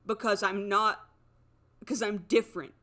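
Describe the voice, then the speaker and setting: A woman's voice: mid-range voice, fairly even intonation, normal speed, sharp tone. A young woman comedian delivering an indignant, escalating monologue, full of swearing and raised outbursts. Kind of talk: ranting monologue.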